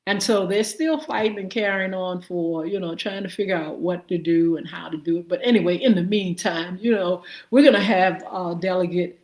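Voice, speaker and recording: A woman's voice: fairly low pitch, moderate pace, few pauses, darkish tone. A woman hosting a live morning show, greeting viewers by name and giving show updates with many fillers. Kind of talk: live-stream greetings and announcements. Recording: echoey room.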